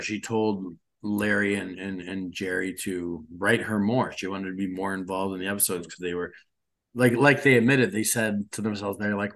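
A man's voice: on the low side, fairly bright tone. A man co-hosting a podcast in casual chat, giving blunt, profane opinions and animatedly retelling scenes. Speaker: podcast co-host.

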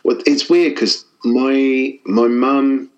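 A man's voice: medium pitch, little pitch movement, takes it slowly, a little mellow, low-quality recording. A man from the south of England with a southern English accent, chatting casually as a podcast guest, rambling and self-deprecating with frequent laughs. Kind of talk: casual chat.

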